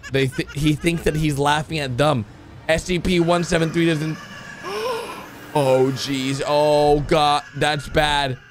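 A man with a high, bouncy voice narrates animated clips as a reaction commentator, jumping from shouts of excitement down to low, worried mumbles. His pitch swings all over the place. There is a faint hiss of noise behind him. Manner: animated, swings between yelling and muttering.

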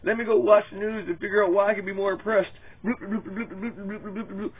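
A man's voice: sits high, fairly even intonation, quick pace, husky, pitched above the performer's own voice. A man mocking a whiny online complainer. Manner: mocking, sing-song droning. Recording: tinny lo-fi phone-like sound.

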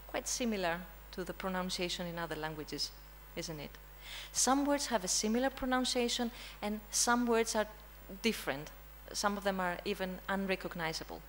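A woman's voice: medium pitch, expressive, moderate pace, hardly any pauses, a little hiss or hum, low-quality recording. Greek-accented woman teaching a room. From Greece. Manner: prompts audience with frequent "hmm?" checks. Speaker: language teacher presenting. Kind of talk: interactive conference talk. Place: conference room.

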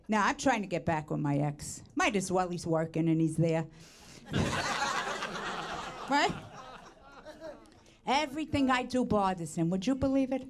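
A middle-aged woman from the Bronx with a New York accent, doing a brash, self-mocking stand-up comedy set. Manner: brash, self-mocking, swings pitch up for punchlines. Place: comedy stage with audience. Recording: stage recording, audience laughing.

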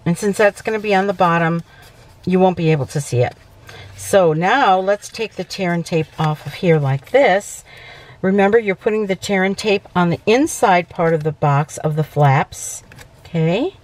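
Demonstrating papercraft casually, a woman speaks at normal speed in a darkish voice on the low side. Her talk is chatty, with frequent self-corrections and check-ins of "okay."

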